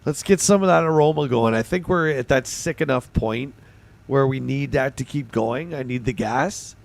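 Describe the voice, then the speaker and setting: A man hosting a livestream in casual chat, his voice hoarse and gravelly, bantering excitably with his viewers. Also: mid-range voice, normal speed. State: hoarse, voice going. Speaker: livestream host.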